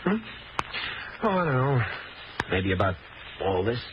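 A slick young hustler, lively singsong talk, hissy dull old radio sound. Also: male voice, mid-range voice, a little slow. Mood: laid-back. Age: young adult. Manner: breezy slangy drawl. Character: smooth young male racetrack con man. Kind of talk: 1940s radio acting.

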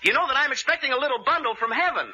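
An actor playing an eager, bumbling young jokester in a 1940s radio comedy, stammering in his excitement. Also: very high-pitched, very fast, exaggerated voice. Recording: hissy, muffled old radio recording.

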